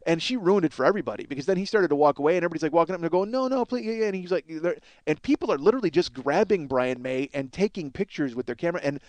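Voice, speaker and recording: A man's voice: fairly high pitch, expressive, rapid-fire, few pauses, dry recording. A man hosting a podcast, telling a long rambling story with lots of swearing and self-mockery. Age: 30s. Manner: rambling, profane, self-deprecating. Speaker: podcast host. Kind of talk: solo storytelling monologue.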